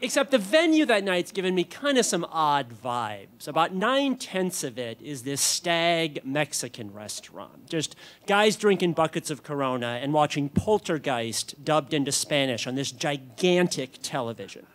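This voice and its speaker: A man in his thirties telling a comic personal story on stage, animated with sudden loud peaks. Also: on the high side, normal speed. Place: on stage at a club.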